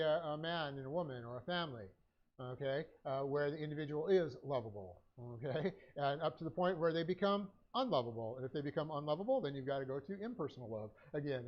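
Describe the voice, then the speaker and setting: Male Bible teacher, slightly high voice, halting dictation full of "uh"s, muffled stream audio. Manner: dictates notes slowly with many fillers. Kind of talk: Bible class lecture.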